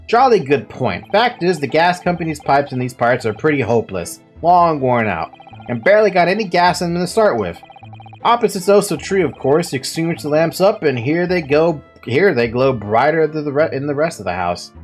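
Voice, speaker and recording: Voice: medium pitch, sing-song, normal speed, soft background music, lightly acted. A let's-player voicing a confident, eccentric male detective in a breezy, self-assured way. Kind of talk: reading game dialogue aloud.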